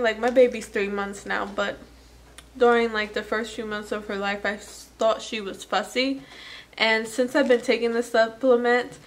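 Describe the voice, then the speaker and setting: A new mother who vlogs chats casually while unboxing a product, poking fun at herself and dropping fillers like "anywho." Her voice sits at a medium pitch.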